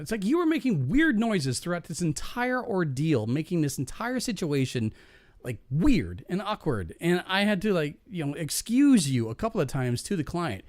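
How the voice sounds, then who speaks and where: A podcast host with a voice on the high side talks at normal speed, recorded dry and clean in a studio. He shares a work story casually, animated and swearing, doing voices for the people he quotes.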